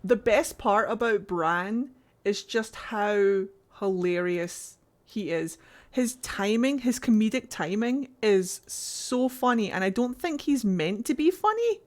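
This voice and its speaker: A woman streaming a game playthrough, chatting excitedly and gushing about characters. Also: medium pitch, slow.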